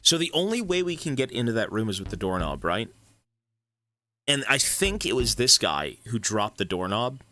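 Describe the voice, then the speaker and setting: A man's voice: medium pitch, very animated, normal speed, pushed and bright. A man giving casual commentary while playing a horror game, thinking aloud and swearing now and then.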